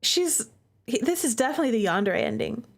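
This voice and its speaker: A woman's voice: fairly high pitch, lively intonation, a little fast, vocal fry, breathy edge. A young woman streamer giving playful, chatty commentary while playing a romance game.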